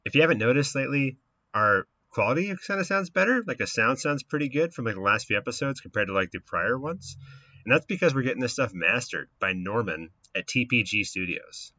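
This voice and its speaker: Bright-voiced laid-back podcast host man. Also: mid-range voice, animated, fairly quick, no echo, dull audio. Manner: easygoing, rambling with frequent fillers. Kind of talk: casual podcast chat.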